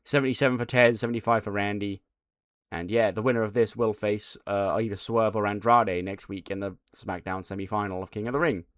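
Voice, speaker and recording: A man's voice: lowish voice, steady tone, fairly quick, fairly bright tone, clear, resonant tone, no echo, studio quality. A man casually narrating a game playthrough, swearing as he recaps events. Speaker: game channel host.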